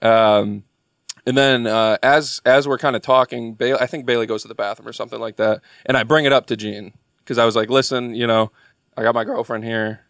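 A man's voice: mid-range voice, steady tone, a little fast, gravelly, a bit bright, no echo. Young male guest with a mid-range voice, a loose rambling storyteller who leans on filler words, recorded close and dry. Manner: rambling, filler-heavy delivery. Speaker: podcast guest. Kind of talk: casual storytelling.

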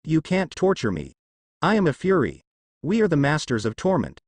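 A man's voice: fairly high pitch, huge pitch swings, normal speed, husky, dry recording, exaggerated voice. A hissing Fury monster woman , as a male narrator puts her on. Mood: menacing. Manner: hissing, threatening. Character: hissing female Fury monster posing as a teacher.

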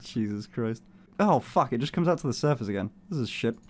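A young man streaming a game, flustered and swearing, with sudden bursts of loud excitement. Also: medium pitch, a little fast. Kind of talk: casual gaming stream chat.

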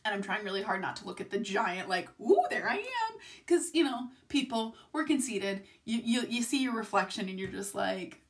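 A woman's voice: medium pitch, a little fast, hardly any pauses. A young woman vlogging casually from home at night, rambling through tangents and swearing often. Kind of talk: casual confessional vlog. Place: home room, filmed at night.

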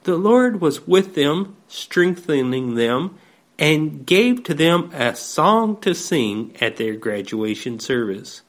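A man delivering a slow, measured devotional sermon, reading scripture aloud. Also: on the high side, very animated. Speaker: preacher.

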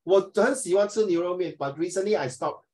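A man leading a classroom discussion, playful and lively, mixing English with Mandarin. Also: high voice, brisk, poor audio. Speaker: teacher.

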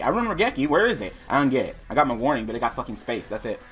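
With soft music in the background, a young man in a medium-pitched, slightly bright voice delivers rapid-fire commentary on his online card game, pitch swinging widely and barely pausing. He murmurs card text to himself and launches into swear-filled rants when the draws go against him.

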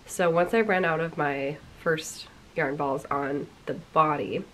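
A woman's voice: low voice, measured pace, slight background noise. A young woman hosting a knitting podcast, chatting casually and a bit self-deprecatingly while congested from a cold. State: congested, sick voice. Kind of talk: casual chat.

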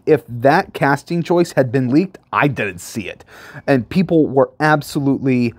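A man casually talking through his favorite film moments with excitement. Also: on the high side, slightly rough, no echo. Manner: enthusiastic, gushing. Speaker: movie reviewer.

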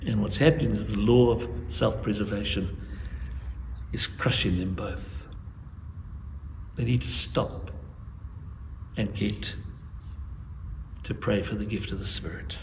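An older man from South Africa preaching a sermon as guest preacher, earnest and pleading by turns, with lively storytelling. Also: lowish voice, takes it slowly, creaky, long pauses. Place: church sanctuary. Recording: echoey church with faint ambient noise.

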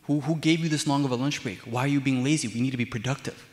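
A preacher putting on a curt scolding boss. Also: male voice, mid-range voice, quick pace, long reverb tail, natural voice. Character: harsh, scolding male boss at work.

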